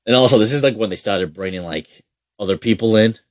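A man's voice: fairly low pitch, fast, no echo, clean studio sound. A young man telling a rambling, profane story in casual chat, mocking people along the way. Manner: swears constantly, mocks people with put-on voices. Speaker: amateur hockey goalie telling a story.

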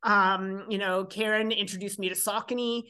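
A lively woman in her fifties talks as a podcast guest, her voice sitting at a middle pitch. She tells her stories in a chatty way and slips into the voices of the people she quotes. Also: normal speed, clear, resonant tone. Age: 50s. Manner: lively, chatty storyteller who acts out quoted dialogue. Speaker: guest, professional triathlete. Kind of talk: podcast interview storytelling.

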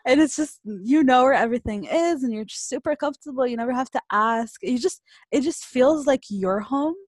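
A young woman co-hosting a casual chat, telling a story with frequent laughter and animated retelling. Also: high voice, fairly quick, no room sound, studio quality.

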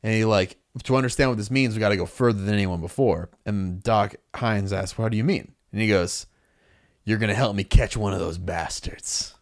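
Lowish man animatedly retelling a story. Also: moderate pace. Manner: animated storytelling, acting out dialogue. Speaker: podcast co-host recapping a comic. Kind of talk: casual chat.

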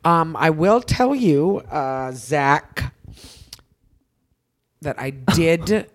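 A man's voice: on the high side, lively intonation, extremely slow, no echo, studio quality. A man co-hosting a podcast in casual chat, gossipy and self-deprecating. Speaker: podcast co-host.

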